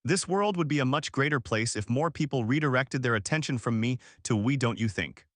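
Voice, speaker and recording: A man's voice: medium pitch, lively intonation, fairly quick, a bit bright, dry recording, clean studio sound. A man voicing a cheerful, determined male educator in an audiobook. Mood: passionate. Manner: cheerful, passionate.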